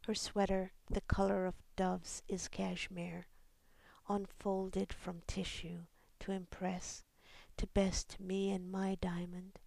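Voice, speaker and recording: A woman reading her own poem aloud in a soft, measured voice that often drops to a half-whisper. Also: medium pitch, flat delivery, creaky, no echo. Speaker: poet. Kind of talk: poetry reading.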